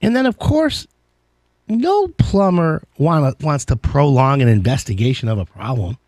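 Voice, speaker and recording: Animated, jokey male radio host. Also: medium pitch, normal speed, no echo, studio quality. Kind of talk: casual call-in radio chat.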